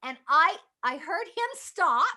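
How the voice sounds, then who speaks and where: Bright, high-voiced woman telling an animated story. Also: slow pace. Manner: animated storyteller acting out her past self. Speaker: guest actress. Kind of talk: storytelling interview.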